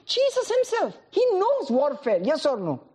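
A woman's voice: high voice, huge pitch swings, moderate pace, a little mellow. A woman preaching a sermon, firing rhetorical questions at the congregation, calling on people by name and laughing often between points.

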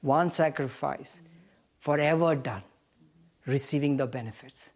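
Animated woman preaching a sermon. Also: very deep voice, measured pace. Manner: animated, questions the congregation.

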